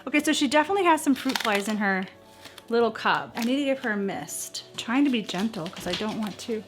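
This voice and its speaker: A middle-aged woman talks casually to her camera at home, gushing and excitable, her voice sitting fairly high. Soft music plays faintly behind her. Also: quick pace. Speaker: vlogger. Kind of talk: casual chat.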